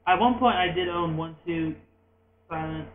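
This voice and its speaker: A young man co-hosting a podcast, chatting casually about games in an animated, rambling way with quick restarts. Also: on the high side, a little hiss or hum. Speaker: podcast co-host. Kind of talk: casual gaming chat. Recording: tinny echoey lo-fi room recording.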